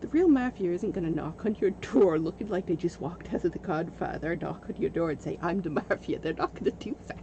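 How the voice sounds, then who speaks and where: A woman livestreaming, telling a story in a casual, animated way and often breaking into laughter. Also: fairly low pitch, brisk, hardly any pauses, highs cut off, a little hiss or hum. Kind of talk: casual storytelling while gaming.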